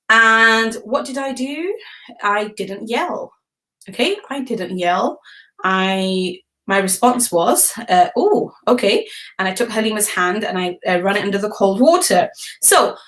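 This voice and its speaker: A woman's voice: mid-range voice, a bit bright. A woman in her thirties hosting a casual live stream on parenting, talking animatedly to viewers and often checking in with "okay?".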